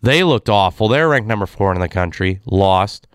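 A man's voice: lowish voice, lively intonation, normal speed, smooth, dry recording, clean studio sound. Exasperated man ranting. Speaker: sports commentator. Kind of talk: casual sports rant.

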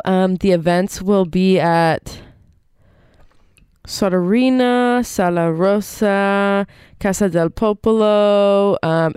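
A woman's voice: mid-range voice, a little mellow, smooth, no room sound, studio quality. A young woman hosting campus radio, congested from a cold, chatting casually with many ums. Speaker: radio show host. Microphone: studio microphone.

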